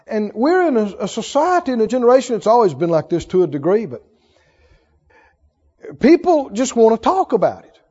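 High-voiced preacher in a reverberant hall. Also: male voice, very animated, a little fast, long pauses, warm tone. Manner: preaching with call-and-response, rising to emphatic exhortation. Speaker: pastor. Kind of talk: sermon. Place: church sanctuary. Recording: dull sound with long hall reverb.

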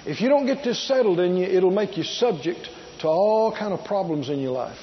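A man's voice: sits high, lively intonation, normal speed, highs cut off. A man preaching a sermon, emphatic and drawn out, repeating key words and asking his listeners rhetorical questions. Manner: asks the congregation rhetorical questions.

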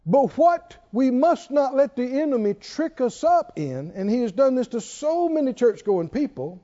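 A man's voice: very high-pitched, sing-song, normal speed, warm tone, highs cut off. A man preaching a sermon, emphatic and driving his points home with repeated rhetorical questions.

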